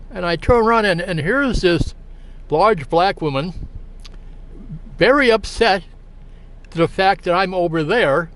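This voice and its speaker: A man telling a long, halting anecdote in a casual, rambling way, full of fillers and restarts. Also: high voice, fairly bright tone. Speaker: storyteller.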